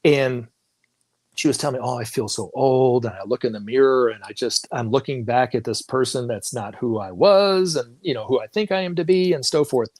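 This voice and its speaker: A man's voice: medium pitch, expressive, a little fast, a little mellow, no echo, clean studio sound. A middle-aged man, a guest on a talk show, telling a personal story in a casual, rambling way, often restarting and acting out what people said. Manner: rambling, with frequent restarts and quoted dialogue.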